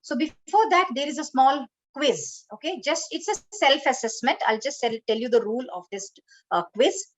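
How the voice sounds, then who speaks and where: Woman, corporate trainer, instructive, video-call audio, slightly high pitch. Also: expressive, normal speed, low-quality recording. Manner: instructive, repeats okay and you know. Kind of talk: online training session.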